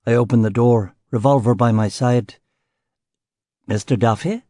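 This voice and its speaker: A man reads a first-person crime novel aloud with terse, wry phrasing. His voice sits mid-range and has a warm, mellow tone. The sound is close and dry. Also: mid-range voice, steady tone, moderate pace, no room sound. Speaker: audiobook narrator.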